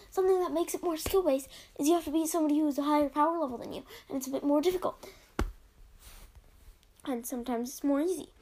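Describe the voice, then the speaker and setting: A woman's voice: high voice, a little hiss or hum. A young woman hosting a casual solo podcast, reading out listener reviews in a rambling, giggly way with plenty of ums. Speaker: podcast host.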